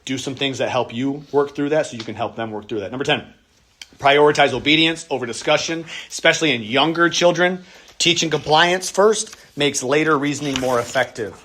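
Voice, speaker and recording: A man's voice: mid-range voice, fairly quick, bright, forceful tone. A man, a pastor, teaching a church workshop on parenting in a casual, conversational way, now and then acting out the voices of kids and parents.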